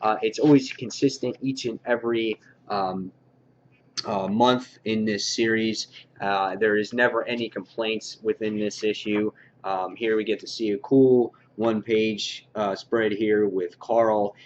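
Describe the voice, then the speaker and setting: A man's voice: fairly low pitch, fairly even intonation, unhurried, highs cut off, slight background noise. A man hosting a casual comic book review, talking loosely with many filler words.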